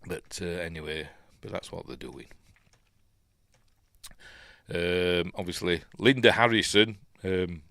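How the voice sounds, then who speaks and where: Here a Yorkshire podcast host with a deep voice reviews a film slowly, with vocal fry, fairly even intonation and frequent pauses. His chatty commentary wanders, peppered with ums, self-corrections, wry remarks and quiet chuckles, and there's no room sound.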